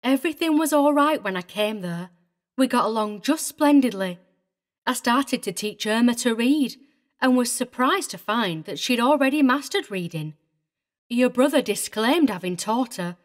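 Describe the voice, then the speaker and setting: Woman reading prim older governess, fussy and indignant, higher voice, storybook. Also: expressive, normal speed, natural voice. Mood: earnest. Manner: prim and indignant, fussily precise. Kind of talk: audiobook character reading.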